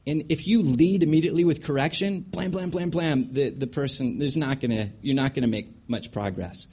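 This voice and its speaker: A man leading a panel talk on counseling, teaching from scripture in a lively way and acting out scenes with sound effects. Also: mid-range voice, a little fast, husky.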